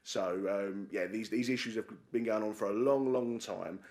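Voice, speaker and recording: A man's voice: on the low side, normal speed, darkish tone. A man chairing a council committee, speaking with many fillers and repeated words. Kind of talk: committee debate speech. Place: council chamber.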